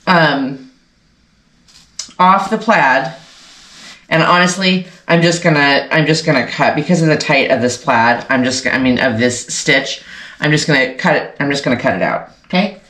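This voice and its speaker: A woman's voice: deep voice, moderate pace, a bit bright. Rambling, congested woman in an echoey room. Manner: rambling, self-correcting, talks to viewers. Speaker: sewing channel host. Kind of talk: casual chatty sewing vlog.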